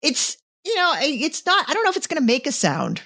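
A woman chats on a casual podcast over a video call. She teases and laughs often, and her pitch swings up and down in a lively way. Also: a little fast. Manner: playful, laughs often, repeats herself when starting. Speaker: podcast co-host. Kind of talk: casual chat.

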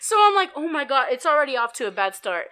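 Animated, swearing young woman storyteller. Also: fast. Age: young adult. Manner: animated, profane, mimics a mumbling date in a low murmur. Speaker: podcast co-host. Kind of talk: casual storytelling chat.

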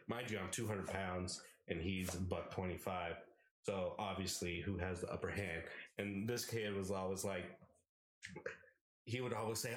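Low-voiced man telling a profane story. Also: steady tone, normal speed, a little hiss or hum. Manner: rambling, profane storytelling with frequent "like" and "right?"; acts out quoted people in a raised, shouting voice. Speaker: podcast storyteller. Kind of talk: casual podcast chat. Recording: echoey room.

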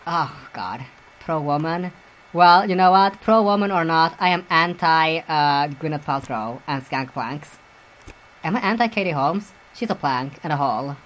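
A woman's voice: low-pitched, a little slow, rough recording. A woman hosting a solo commentary podcast, crude and giggly, rambling with lots of fillers and restarts. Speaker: podcast host.

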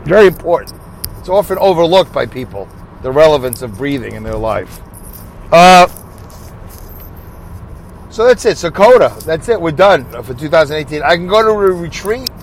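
A man's voice: a little high, sing-song, moderate pace, long pauses, a little hiss or hum, rough recording. A man hosting a casual solo podcast, rambling and thinking aloud, asking and answering his own questions. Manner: leads listeners through a breathing break. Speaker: podcast host.

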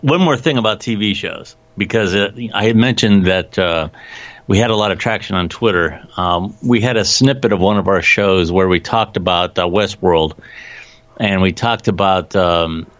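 A man with a deep, low voice talks casually as a podcast co-host, often tripping over his words and restarting. The sound is dry and muffled, a little lo-fi. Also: normal speed, a bit bright, no echo. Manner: stammering restarts, chatty. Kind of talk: casual chat.

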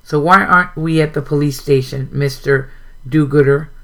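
A man reading out the lines of a frightened, angry young businesswoman from a suspense novel, his pitch lifted a little for her. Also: fairly even intonation, normal speed, bright, forceful tone.

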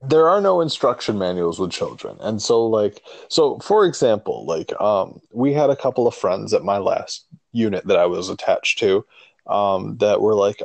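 A man with a fairly low voice chats casually on a podcast, recorded close and dry. He tells meandering, profane parenting stories, often restarting his sentences. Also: animated, moderate pace, vocal fry, darkish tone, dry recording. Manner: rambling storytelling with many restarts and profanity. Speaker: podcast co-host; father.

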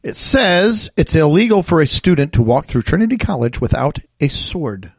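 A man's voice: a little high, big pitch swings, moderate pace, breathy edge, dry recording. A man hosting a casual podcast chat, reading out strange laws and laughing often as he explains them. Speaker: podcast host.

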